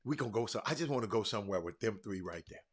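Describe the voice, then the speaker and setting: A middle-aged man hosting a sports talk show, chatting loudly and calling out viewers by name in casual Southern vernacular. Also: lowish voice, fast. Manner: loud, excitable, calls out viewers by name; Southern vernacular, y'all and ain't. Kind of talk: casual livestream chat reading comments.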